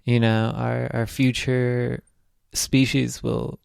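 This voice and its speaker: A man co-hosting a podcast in casual chat, halting and hesitant, with gentle laughs. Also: medium pitch, flat delivery, vocal fry, clear, resonant tone, no echo, clean studio sound. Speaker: podcast co-host.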